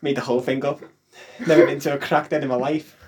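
A man co-hosting a podcast, telling a long sweary story in a deadpan way before revealing the joke. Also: medium pitch, fast, noisy background. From England. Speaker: podcast co-host. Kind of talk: casual chat, storytelling.

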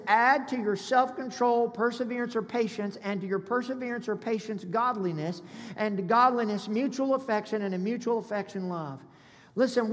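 A man's voice: extremely high pitch, a bit bright. A man preaching a sermon as pastor, conversational and calling on the congregation to respond. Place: church sanctuary. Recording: long reverb of a large hall.

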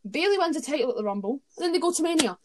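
A woman's voice: sits high, lively intonation, racing, background noise. A woman co-hosting a casual podcast chat, opinionated and rambling, often correcting herself mid-sentence. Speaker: podcast co-host. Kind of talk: casual wrestling review chat.

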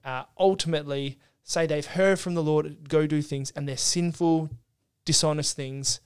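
Guy on a podcast explaining doctrine, earnest, kinda high clear voice. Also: steady tone, moderate pace. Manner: earnest, explanatory, many restarts. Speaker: podcast co-host. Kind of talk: casual theological discussion.

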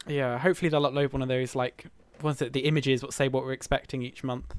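A man co-hosting a podcast, chatting in a lively, upbeat way. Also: mid-range voice, quick pace, clear, resonant tone, no echo. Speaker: podcast co-host. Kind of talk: casual chat.

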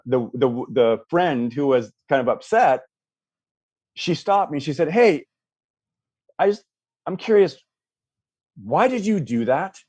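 A man telling a story as a podcast guest, animated and acting out voices, with frequent restarts. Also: mid-range voice, no room sound. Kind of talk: storytelling in a casual interview. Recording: dull lo-fi dry sound.

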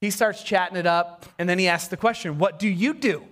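A man preaching a sermon as pastor, conversational and animated, acting out sarcastic voices. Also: high voice, a little fast.

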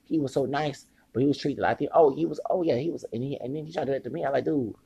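A man's voice: medium pitch, fast talker, creaky, husky, no echo. A man hosting a podcast, telling a long, rambling story full of profanity and acted-out quoted dialogue. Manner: profane, meandering, animated retelling with quoted dialogue. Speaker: podcast host.

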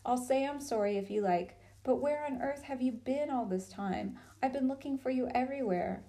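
A woman's voice: fairly high pitch, moderate pace, mellow, natural voice. A woman reading a storybook and voicing a sulky, greedy young boy who snaps and pleads. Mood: snappish. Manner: snappish and pleading.

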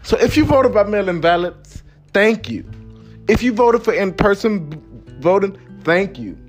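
A man's voice: high voice, animated, a little slow. A man from the United States hosting a motivational podcast monologue, emphatic and repetitive, over faint background music. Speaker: podcast host.

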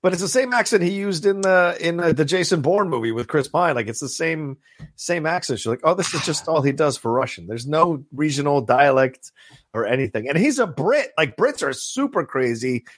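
A man co-hosting a podcast in casual chat, animated and rambling, laughing often. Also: a little high, normal speed, no echo, clean studio sound. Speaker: podcast co-host.

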